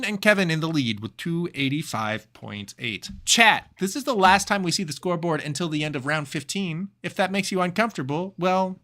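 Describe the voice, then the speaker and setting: A man's voice: sits high, sharp tone. A man hosting a livestreamed comedy game show, playful and laughing often as he reads out answers and scores.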